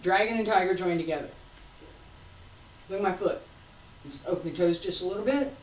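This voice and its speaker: A woman teaching a qigong class, calmly giving breathing and movement cues. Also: lowish voice, fairly quick. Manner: calm, guiding cues paced to breathing. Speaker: qigong instructor. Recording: echoey room, distant mic, faint noise.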